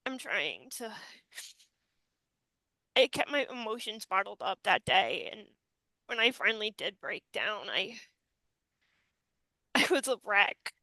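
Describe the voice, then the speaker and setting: A woman host speaks in a tearful, halting way, breaking off phrases as she tries not to cry. Her delivery is slow and her tone is bright and tense. The recording is dry, with no room echo. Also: mid-range voice, very animated. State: tearful, holding back crying. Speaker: podcast host. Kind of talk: emotional tribute monologue.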